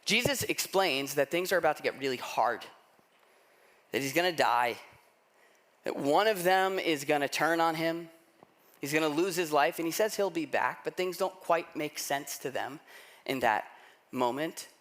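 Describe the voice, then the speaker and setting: A man preaching a sermon, telling a story in a lively, conversational way and acting out the people he quotes. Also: fairly high pitch, moderate pace. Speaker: pastor.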